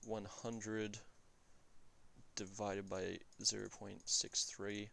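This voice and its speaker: A man's voice: fairly low pitch, little pitch movement, slow pace, creaky, fairly bright tone. A man giving casual commentary on a strategy game, thinking aloud and often correcting himself mid-sentence with fillers. He talks in an offhand, blunt way and swears now and then.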